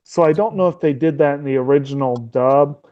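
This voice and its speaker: A man's voice: on the high side, fairly quick, muffled recording. A man chatting casually about a film, often laughing and trailing off mid-thought.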